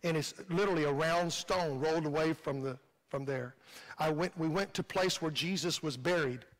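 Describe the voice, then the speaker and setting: Male pastor, Midwestern American accent, fervent repeating sermon cadence, fairly high voice, long hall reverb. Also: moderate pace. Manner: fervent, repetitive preaching cadence. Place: church sanctuary.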